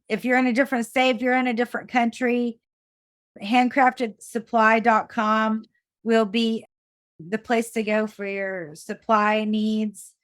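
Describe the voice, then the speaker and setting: Chatty, bright-pitched woman podcast host. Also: no echo, clean studio sound. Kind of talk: casual podcast interview.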